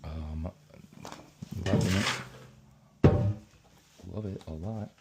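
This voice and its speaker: A man's voice: low voice, drawn-out words, loud music behind the voice. A man painting and chatting casually to himself, laid-back and rambling as he thinks aloud. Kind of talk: casual commentary while painting.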